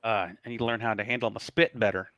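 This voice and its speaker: A man playing a tabletop game, speaking slowly and playfully in rhyme for his character. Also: on the low side, steady tone, a bit bright, dry recording, highs cut off. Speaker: player. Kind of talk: in-character play, rhyming.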